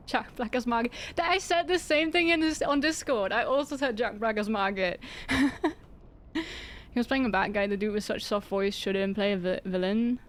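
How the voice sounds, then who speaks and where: A woman's voice: medium pitch, a little fast, few pauses. A woman streaming a game and chatting casually, joking and laughing often as she tires from playing on a dance pad. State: tired from exertion. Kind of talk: casual live-stream chat while gaming.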